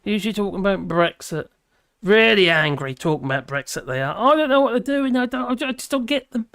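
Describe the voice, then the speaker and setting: A woman's voice: medium pitch, expressive, fast, fairly bright tone, no room sound, studio quality. A tired woman, rambling and grumbling in casual chat while reading out comments on her live stream.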